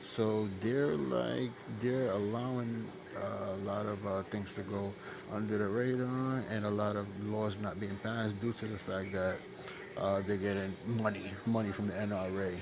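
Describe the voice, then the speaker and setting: Low-voiced Brooklyn caller on a noisy line. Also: male voice, fairly even intonation, moderate pace, vocal fry. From Brooklyn, New York. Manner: hesitant, many fillers and restarts, apologetic.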